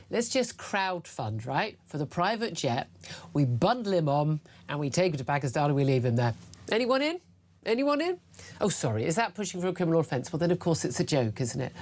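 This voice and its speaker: A woman's voice: low voice, darkish tone. A woman hosting a radio talk show, opinionated and sardonic, laughing often and sounding a little hungover. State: slightly hungover. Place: radio studio.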